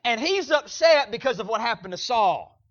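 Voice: mid-range voice, very animated, normal speed, fairly bright tone. A preacher delivers an emphatic sermon, circling back over the same phrases and checking in with the congregation. The voice sits in a middling register. The recording is dull and lo-fi. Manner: emphatic, repeats phrases with many fillers and asides to the congregation.

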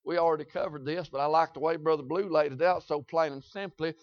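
A man preaching a sermon, repeating his points emphatically, with sudden loud bursts. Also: on the high side, fairly even intonation, fast talker, dry recording. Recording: dull lo-fi, dry recording.

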